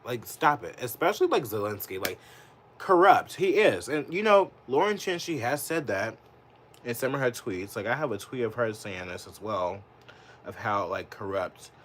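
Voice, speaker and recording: Man livestreaming political rant, swearing, rambling, lots of "like", swooping animated voice, faint noise behind. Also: on the low side. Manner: profane, rambling, heavy use of "like"; gets heated and indignant. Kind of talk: live political commentary.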